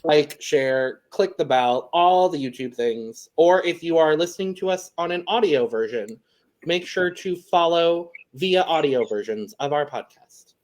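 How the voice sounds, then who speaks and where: A man's voice: a little high, lively intonation, measured pace. A man co-hosting a podcast in casual chat, laughing often and wrapping up the episode. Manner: chatty, laughs often, wraps up the show. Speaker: podcast co-host.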